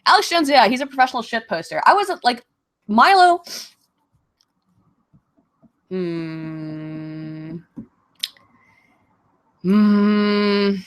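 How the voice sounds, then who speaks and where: A woman casually chatting on a livestream Q&A, getting over a cold and clearing her throat, laughing often and swearing freely. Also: mid-range voice, expressive, slow, long pauses. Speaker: streamer answering viewer questions.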